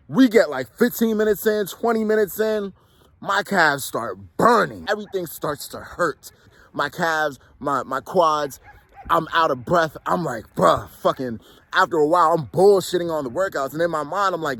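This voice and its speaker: A man's voice: on the high side, expressive, moderate pace, fairly bright tone, dry recording. A young man giving a casual motivational monologue, blunt and profane, firing rhetorical questions and slang fillers. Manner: blunt, swears freely, repeats rhetorical questions; slangy, frequent "you know what I'm saying". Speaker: motivational talk host.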